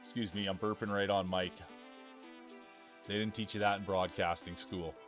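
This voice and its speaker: A man's voice: sits low, fairly even intonation, moderate pace, a bit bright, faint music behind. Hyped streamer man calling marble races. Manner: hyped, announcer-style, greeting chat by name. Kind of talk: mock sports play-by-play commentary.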